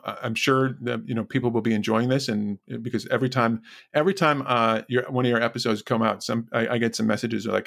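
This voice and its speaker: Guy hosting a podcast, gravelly, lots of ums and uhs. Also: medium pitch, fairly even intonation, fast talker, few pauses, a bit bright. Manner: hesitant, many fillers. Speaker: podcast host. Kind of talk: casual interview.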